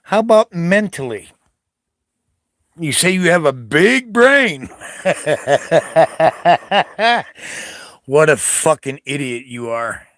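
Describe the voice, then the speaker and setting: An older American man rants straight at the listener, swearing hard and daring his target to fight. His voice sits a bit high for a man, and he drags his words out slowly, leaning on each one. The sound is dry and close. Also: sing-song, fairly bright tone, no room sound. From United States. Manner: profane, confrontational, taunting. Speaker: Navy veteran vlogger. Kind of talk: angry political rant to camera.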